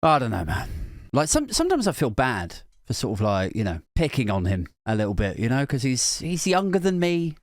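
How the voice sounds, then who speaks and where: A man's voice: medium pitch, wildly swooping pitch, brisk, no echo, clean studio sound. A man hosting a comedy podcast, ranting satirically in a mocking tone, swearing, often breaking into laughter. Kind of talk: satirical rant.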